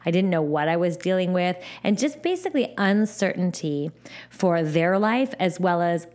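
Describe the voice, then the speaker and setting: A woman hosting a podcast alone, talking in a gentle, encouraging way and often repeating her phrases. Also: on the low side, expressive, normal speed. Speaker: podcast host. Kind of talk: supportive solo podcast talk.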